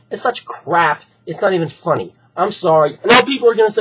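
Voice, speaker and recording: A hoarse man, still recovering from being sick, ranting heatedly and with plenty of swearing in an opinion vlog. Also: sits high, animated, a little fast, few pauses, a bit bright, a little hiss or hum, rough recording. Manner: heated, profane, repetitive ranting. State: hoarse from recent illness. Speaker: wrestling fan vlogger. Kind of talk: opinion rant to camera.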